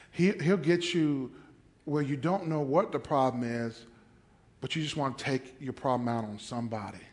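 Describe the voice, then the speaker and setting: A male pastor preaching, telling a story with lots of animation, acting out the voices and laughing often. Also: medium pitch. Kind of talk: sermon.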